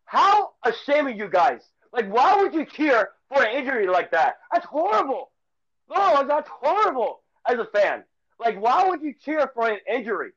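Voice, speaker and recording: High-pitched male sports podcast co-host, excitable rambler, dull lo-fi recording. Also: moderate pace. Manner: excitable rambling rant with repeated phrases. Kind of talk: casual sports chat.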